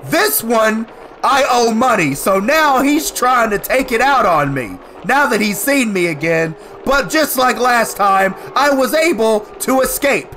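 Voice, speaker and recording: Male gaming commentator, high, animated delivery, unhurried, prone to yelling and swearing at the screen. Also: soft background music. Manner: excitable, swears and yells at the game. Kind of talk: let's play commentary.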